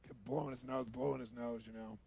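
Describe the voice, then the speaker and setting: A man telling a story at a seminar in an animated way, acting out the dialogue and checking in with his audience. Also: medium pitch, fast talker, vocal fry, slightly rough. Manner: animated, acts out dialogue, asks the audience for agreement. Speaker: motivational speaker.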